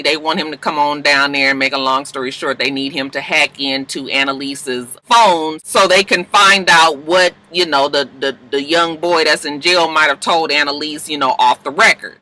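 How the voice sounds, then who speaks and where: A man's voice: fairly high pitch, pushed and bright, poor audio. A man recapping TV episodes in a sassy, gossipy, dramatic casual chat. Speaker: TV recap vlogger.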